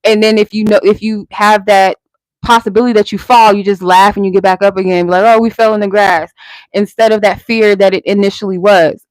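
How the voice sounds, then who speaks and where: A woman talks through a live tarot reading in a loose, candid way, cursing now and then as she encourages her listeners. Her voice sits at a middling pitch and sounds close and dry, with no room echo. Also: flat delivery, a little fast. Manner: candid, conversational, salted with swearing; encouraging, motivational. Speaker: tarot reader and live stream host. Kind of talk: casual spiritual guidance and tarot reading.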